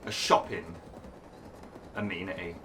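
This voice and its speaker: A man hosting a gaming channel, explaining a park-building game step by step with lots of fillers while his voice is going hoarse. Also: deep voice, fairly even intonation, unhurried, bright, forceful tone, slight background noise. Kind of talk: casual gameplay commentary.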